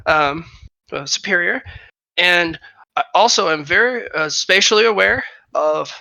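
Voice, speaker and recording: A game master voicing a small, earnest young male fighter who pitches himself eagerly with lots of fillers. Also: lively intonation, measured pace, creaky, sharp tone, no room sound, full character voice, low-quality recording. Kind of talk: tabletop role-play voice.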